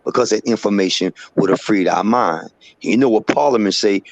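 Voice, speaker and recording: A man's voice: on the low side, brisk, no room sound. A man in casual live-stream chat who talks in an earnest, rambling, somewhat preachy way. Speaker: co-host.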